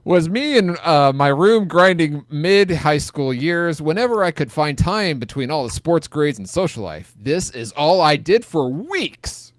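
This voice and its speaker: A man's voice: a little high, sing-song, a little slow, few pauses, dry recording, clean studio sound. A man co-hosting a podcast, reading listener comments aloud in a joking way and stumbling over his lines. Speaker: podcast co-host.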